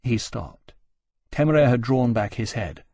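A man narrating a novel in a measured, even reading. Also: medium pitch, no echo. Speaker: audiobook narrator. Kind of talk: scripted narration.

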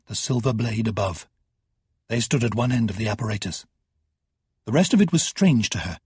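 A man narrating an audiobook in measured, dramatic storytelling. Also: mid-range voice, a little mellow, slightly rough, dry recording, clean studio sound. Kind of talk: scripted narration.

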